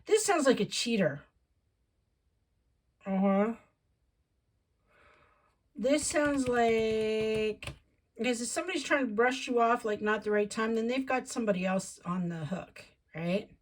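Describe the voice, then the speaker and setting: A woman's voice: a little high, lively intonation, measured pace, long pauses. A woman giving a casual tarot reading, chatting and thinking aloud as she goes. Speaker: tarot reader.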